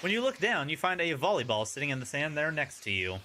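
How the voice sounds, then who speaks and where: A man's voice: fairly high pitch, big pitch swings, fast talker, pushed and bright, a little hiss or hum. A man streaming a dating sim, reading its narration aloud with playful, wry asides.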